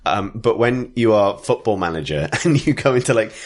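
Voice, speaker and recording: A man's voice: lowish voice, lively intonation, moderate pace. Giggly rambling man. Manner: giggly, rambling, breaks into loud impressions. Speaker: podcast co-host. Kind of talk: casual chat.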